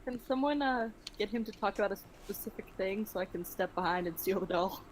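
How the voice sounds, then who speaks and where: A woman's voice: mid-range voice, brisk, slight background noise, rough recording. A woman playing a tabletop game, eager and scheming in a casual way. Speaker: player.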